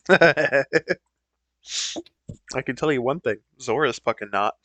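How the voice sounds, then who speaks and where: A man's voice: medium pitch, lively intonation, slow, fairly bright tone, no echo. A man chatting casually with friends while gaming, joking and laughing often. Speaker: player.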